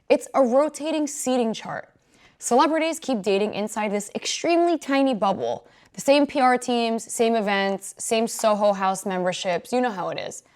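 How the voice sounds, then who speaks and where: Sassy New woman host. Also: on the high side. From New York. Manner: sassy, quick, opinionated. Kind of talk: scripted commentary.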